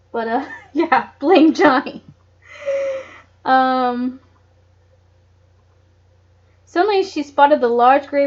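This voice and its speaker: Woman reading a kids mystery out loud, kinda high voice, giggly side comments, dull home mic. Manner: giggly, chatty asides. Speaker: audiobook reader. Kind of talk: casual read-aloud with asides.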